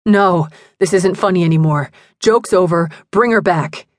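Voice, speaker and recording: A woman voicing a distraught young man who yells in disbelief in an audiobook. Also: high voice, measured pace, no echo, studio quality. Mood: upset, demanding. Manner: shouting, demanding.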